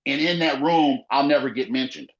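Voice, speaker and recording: In muffled, lo-fi audio, a small business owner talks casually on a podcast in a mid-range voice at normal speed. He's emphatic and repetitive, leaning heavily on "you know."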